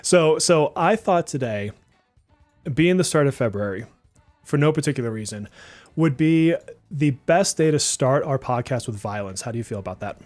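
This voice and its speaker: A man with a faint Boston accent, co-hosting a casual podcast, relaxed and chatty with lots of fillers. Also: medium pitch, normal speed, faint music behind. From New Jersey and Massachusetts, US. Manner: relaxed, chatty, laughs often, many likes. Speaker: podcast co-host.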